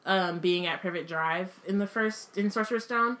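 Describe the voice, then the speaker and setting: A woman's voice: on the low side, normal speed, fairly bright tone. A tired woman co-hosting a podcast, chatting casually with lots of fillers and frequent laughs. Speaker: podcast co-host. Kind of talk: casual chat.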